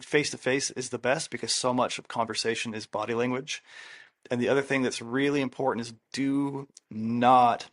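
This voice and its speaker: Man, therapist co-host; emphatic, repetitive advice delivery, middle pitch. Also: fairly bright tone. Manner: emphatic, repeats key rules, acts out quoted lines. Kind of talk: casual advice chat.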